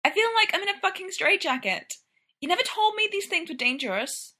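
A woman's voice: high-pitched, sing-song, takes it slowly, pushed and bright, voice pushed up, exaggerated voice. A woman voicing a flustered young woman laced into a tight corset, whiny and exclamatory. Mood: complaining.

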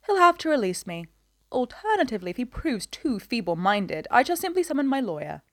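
A woman's voice: on the high side, sing-song, brisk, a bit bright, no echo, clean studio sound, pitched above the performer's own voice. A woman voicing an airy, imperious older upper-class lady. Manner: airy, haughty.

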